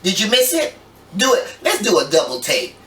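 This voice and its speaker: An older woman leads a home cooking lesson with a bright, lively voice that swoops up and down as she jokes and tells family stories. She sounds a little away from the mic, in a roomy kitchen with an echo. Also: mid-range voice, moderate pace, recorded from a distance. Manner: playful, folksy, chatty storyteller. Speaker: cooking show host. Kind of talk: casual cooking demonstration.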